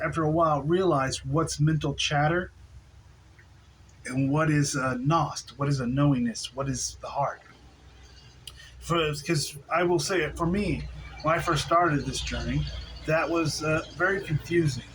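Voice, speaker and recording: A man giving a relaxed spiritual talk on video, laughing softly now and then and restarting his sentences. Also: fairly high pitch, unhurried, slight background noise, poor audio. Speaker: spiritual teacher.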